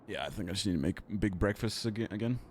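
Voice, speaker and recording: Low-voiced man chatting on stream. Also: quick pace, darkish tone, slight background noise. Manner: rambling, many fillers and restarts. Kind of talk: casual chat to stream. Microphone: XLR mic.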